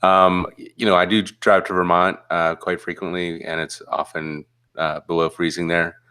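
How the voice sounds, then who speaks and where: A man co-hosting a casual podcast chat, talking in a relaxed, rambling way with plenty of fillers. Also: deep voice, normal speed, clear, resonant tone. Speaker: podcast co-host.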